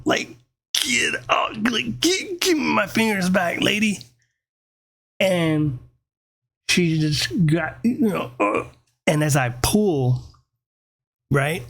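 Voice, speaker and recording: Middle-aged guy on a podcast, slow drawn-out delivery, acts out the scary bits. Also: a little high. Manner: animated, acts out screams and voices in his story. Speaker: podcast host. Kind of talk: casual storytelling.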